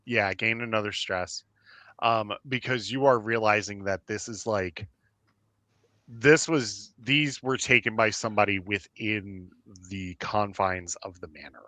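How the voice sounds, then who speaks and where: A man narrating as game master for a tabletop game, halting and filling pauses as he goes. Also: fairly low pitch, sharp tone, dry recording. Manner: halting, full of fillers and restarts.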